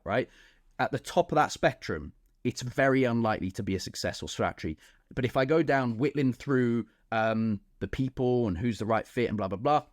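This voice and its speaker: A young man speaks in a low, casual voice, teaching other coaches as if across a table. He keeps tagging his points with "right?" and "okay?". The sound is close and dry. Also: no echo.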